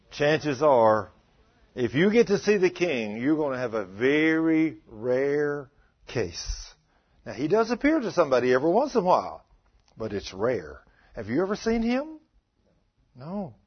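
Husky-voiced man preaching a sermon. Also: mid-range voice. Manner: dramatic storytelling with acted quotes and questions to the congregation. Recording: dull lo-fi sound.

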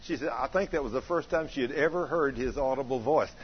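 A man's voice: mid-range voice, brisk, a little hiss or hum. A man preaching a sermon, telling stories earnestly and acting out the voices of the people he quotes. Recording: dull lo-fi recording.

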